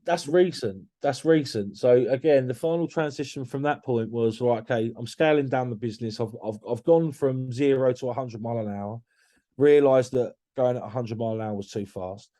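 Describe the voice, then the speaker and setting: A man's voice: mid-range voice, moderate pace, dark tone. A man talking candidly as a podcast guest, blunt and swearing freely, often restarting his sentences.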